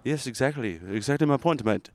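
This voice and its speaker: A man's voice: medium pitch, a little fast, a little mellow, no room sound, close to an everyday voice. A man putting on a smug, aggrieved tech billionaire, needling and tacking on "mate" and "dude", outdoors on a street.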